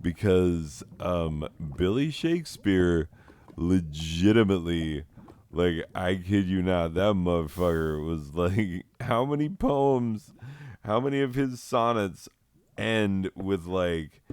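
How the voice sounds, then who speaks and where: Slow-talking, rambling stoned man. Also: low-pitched, animated, darkish tone, smooth, dry recording. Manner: rambling, profane, laughs often at his own jokes. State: high. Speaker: host. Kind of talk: rambling gameplay chat.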